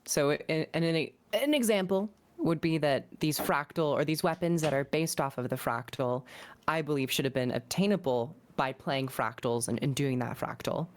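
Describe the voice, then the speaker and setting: A woman on a gaming podcast, giving her views in a measured, thoughtful way. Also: low-pitched. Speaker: podcast guest. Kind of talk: casual gaming chat.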